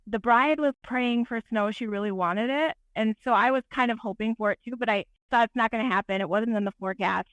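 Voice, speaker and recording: A woman with a slightly high voice tells stories as a podcast guest, lively and self-deprecating. She speaks as a working photographer in casual conversation. The sound is close and dry. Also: fairly quick, few pauses, no echo. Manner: animated, self-deprecating storyteller. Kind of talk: podcast interview storytelling.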